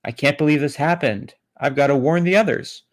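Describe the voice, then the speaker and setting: A man reading the lines of a frightened, panicking man in a flat read-aloud voice with no accent. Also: fairly high pitch, brisk, lightly acted. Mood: distraught.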